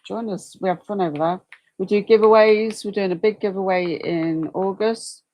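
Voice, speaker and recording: A woman's voice: on the low side, steady tone, normal speed, mellow, dry recording. A woman hosting a casual livestream, chatting and reacting aloud to viewer comments at her desk mic. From United Kingdom. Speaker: livestream host.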